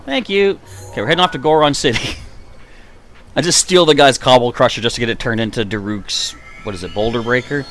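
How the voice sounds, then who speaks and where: A man's voice: mid-range voice, fairly quick, a bit bright, a little hiss or hum. A man chatting to himself and his viewers while playing through a live stream, reacting as he goes. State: hiccuping. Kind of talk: gameplay live stream commentary.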